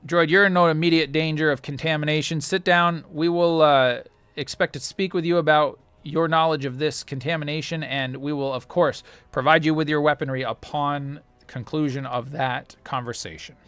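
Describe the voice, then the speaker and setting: A man's voice: on the high side, steady tone, normal speed, hardly any pauses, fairly bright tone, smooth, no room sound, close to an everyday voice. A man doing a cold, officious armored trooper. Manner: clipped, formal orders.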